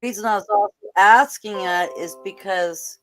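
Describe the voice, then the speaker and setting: A chatty woman hosts a casual panel chat on an online stream, asking questions and laughing often. Her voice sits at an ordinary middle pitch. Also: moderate pace, fairly bright tone, soft background music.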